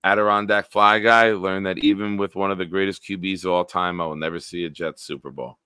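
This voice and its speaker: A man's voice: low-pitched, level tone, a little fast, bright, forceful tone, clean tone, no room sound. A young man hosting a sports podcast live stream, casually joking and reading out viewer comments. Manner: jokey, reads out viewer comments.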